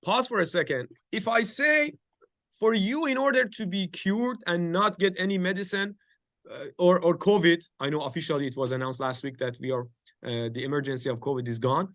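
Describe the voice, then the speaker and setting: A man with a fairly high, bright voice teaches an informal study group, working through his points with frequent restarts and a habit of asking "right?". He sounds close and dry, with no room echo. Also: a little fast. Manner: explains step by step with many fillers and restarts, checks in with listeners. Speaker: teacher leading a study circle. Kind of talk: informal religious lesson. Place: home office.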